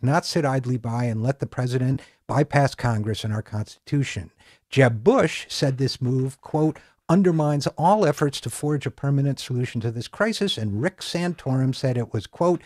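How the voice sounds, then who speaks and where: A middle-aged man hosts a political commentary show and reads a scripted monologue. His tone is sarcastic and mocking. His voice sits at an ordinary middle pitch, and the recording is dry and close. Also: darkish tone, slightly rough, no room sound. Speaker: political talk show host.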